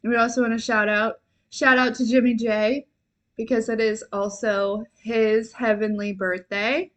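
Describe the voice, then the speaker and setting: A young woman hosting a live stream, chatting warmly and rambling, giggling and at times tearful with gratitude. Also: a little high, flat delivery, a little slow. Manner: chatty, rambling with many fillers. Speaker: livestream host and intuitive reader. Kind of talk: casual livestream chat.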